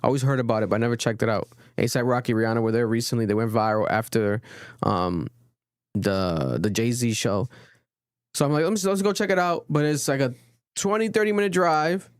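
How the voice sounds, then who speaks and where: A young man hosting a podcast in casual, rambling chat, swearing often and getting animated. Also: medium pitch, a little fast, smooth, dry recording, clean studio sound. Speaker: podcast host. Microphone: studio podcast mic.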